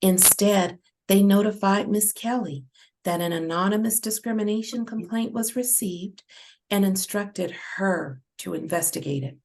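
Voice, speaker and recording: A woman narrating her own story in the first person, in a steady, measured reading. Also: medium pitch, vocal fry, poor audio.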